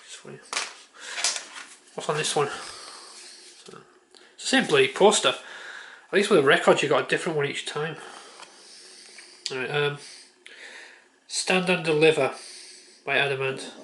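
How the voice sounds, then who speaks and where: Muttering man, slightly high voice. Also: a little slow, pauses often, a bit bright. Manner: offhand, muttering, swears casually. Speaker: vlogger. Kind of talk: casual chat.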